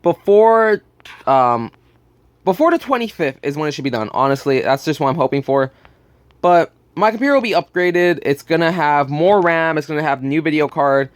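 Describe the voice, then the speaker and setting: A man's voice: on the high side, expressive, normal speed, no room sound. A young man telling a blunt, profane story about work in a casual vlog. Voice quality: burping, just ate. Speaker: gaming channel host.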